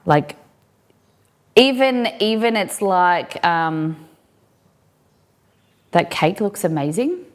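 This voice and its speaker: An Australian woman streaming while she cooks, chatting casually and answering viewers' comments as she goes. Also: low voice. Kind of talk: live-stream cooking chat.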